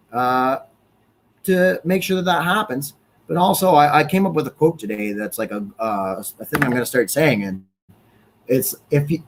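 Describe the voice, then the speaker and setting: A young man hosting a livestream, delivering an angry, profane, rambling political rant. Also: on the high side. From Canada. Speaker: livestream host.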